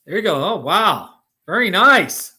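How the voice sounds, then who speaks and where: A middle-aged American man hosts a relaxed live chat, calling out viewers by name and laughing easily. His voice sits fairly high and very bright. He takes his time, talking at an easy, unhurried pace. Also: husky. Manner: chatty, laughs often, talks to viewers by name. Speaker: livestream host. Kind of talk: casual live chat reading comments. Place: Colorado.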